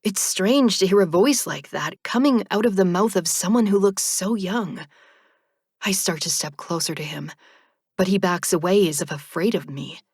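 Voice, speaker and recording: A woman narrating an audiobook in the first person with a measured, soft delivery. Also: on the low side, slightly rough, dry recording, studio quality.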